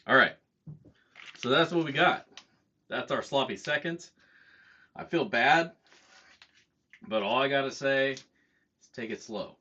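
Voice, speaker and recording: A man's voice: medium pitch, a little slow, pauses often, sharp tone. A man hosting a casual livestream, talking in a profane, self-mocking way and chuckling at his own jokes. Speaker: livestream host. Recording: dull lo-fi stream audio, faint noise.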